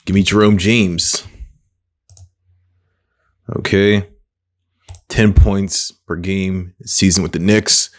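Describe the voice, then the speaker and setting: A man talking casually to himself while playing a sports trivia game, thinking aloud, mocking his own mistakes and breaking into excited exclamations. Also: low voice, slow pace, long pauses. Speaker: gaming creator. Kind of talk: casual gameplay commentary.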